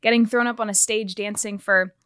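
A woman's voice: medium pitch, fairly even intonation, a little fast, a bit bright, clean tone, no echo, studio quality. A young adult woman, an actress and former dancer, chatting casually as a podcast guest, filling her talk with "like". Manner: chatty, peppered with "like". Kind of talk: casual interview chat.

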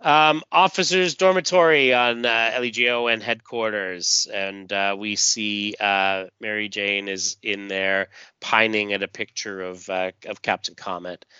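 A man's voice: lowish voice, fairly even intonation, unhurried, few pauses, bright, forceful tone, clear, resonant tone, dry recording, highs cut off. A man casually recapping a comic book story, with many fillers and acted lines. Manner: reads dialogue in voices, many fillers. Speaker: podcast host reading a comic aloud.

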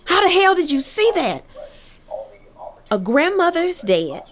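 A woman voicing her fierce, blunt mother, yelling in a high, forceful voice. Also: sing-song, measured pace, noisy background, exaggerated voice. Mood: furious scolding.

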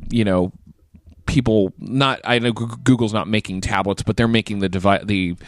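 A man's voice: on the low side, steady tone, normal speed, no echo. Ranting man on a podcast, dry sound. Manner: ranting, profane, exasperated. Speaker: podcast host. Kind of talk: casual podcast chat.

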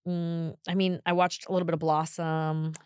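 A woman in her forties co-hosting a podcast, telling stories in a casual, animated way with bursts of exasperated emphasis. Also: low-pitched, normal speed, clean tone, no room sound, clean studio sound. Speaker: podcast co-host. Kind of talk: casual chat, storytelling.

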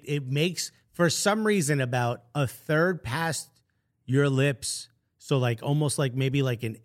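A man co-hosting a casual podcast, talking in an animated, joking way and laughing often. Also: mid-range voice. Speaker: podcast co-host.

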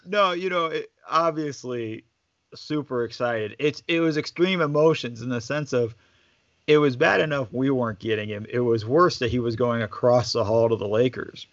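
A man telling stories as a guest in casual chat, relaxed and full of fillers. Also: mid-range voice, moderate pace, no echo, muffled recording. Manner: relaxed, chatty, lots of fillers. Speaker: basketball staff guest. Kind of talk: casual storytelling.

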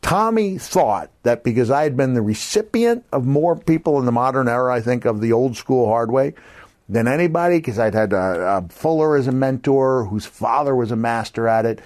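A middle-aged man telling stories with real animation, his voice sitting at an ordinary middle pitch. He talks like a podcast guest among friends and keeps calling the host brother. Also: normal speed. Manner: lively anecdotes, calls the host brother. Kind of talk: animated storytelling.

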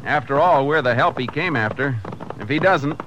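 An actor playing a calm, resourceful tracker who narrates in an old radio drama. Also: male voice, mid-range voice, normal speed, lo-fi sound, noisy background, natural voice. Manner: calm, even narration; clipped commands. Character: steady, resourceful adult male tracker. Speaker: narrator and lead detective. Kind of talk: 1950s radio drama acting.

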